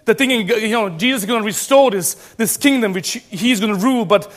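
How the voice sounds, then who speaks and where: High-voiced man preaching with emphatic restarts. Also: fairly quick. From Serbia. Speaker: pastor. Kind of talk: sermon.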